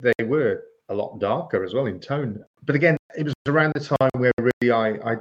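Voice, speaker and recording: A man's voice: medium pitch, fairly quick. A man co-hosting a podcast, chatting casually like a storyteller and laughing easily. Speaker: podcast co-host. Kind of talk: casual chat. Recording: dull lo-fi sound.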